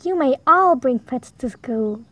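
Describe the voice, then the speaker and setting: A firm but kindly rabbit schoolteacher from a picture book, read aloud by a woman. She speaks in a high, measured, teacherly voice. She lays down the rules slowly and clearly. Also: lively intonation, a bit bright, dry recording, exaggerated voice.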